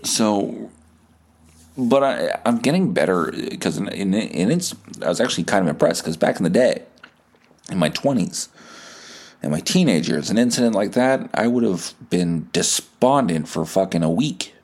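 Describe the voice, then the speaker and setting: A man in his thirties with a somewhat low voice delivers a comic podcast monologue. He rambles from tangent to tangent, mocks himself and swears freely. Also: animated, normal speed, darkish tone. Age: 30s. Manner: rambling, digressive, profane storytelling; self-deprecating. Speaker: podcast host.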